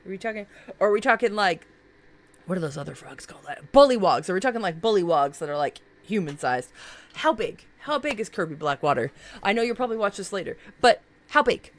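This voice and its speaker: A woman's voice: mid-range voice, animated, quick pace. A woman streamer in casual live-stream chat, reacting to viewers' characters in a bubbly, gushing way with many fillers.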